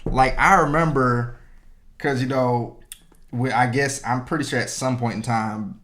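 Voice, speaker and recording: A man's voice: medium pitch, fairly even intonation, a little slow, fairly bright tone. A man co-hosting a podcast in casual chat, rambling and joking with lots of "you know" fillers. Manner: joking, laid-back. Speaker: podcast co-host.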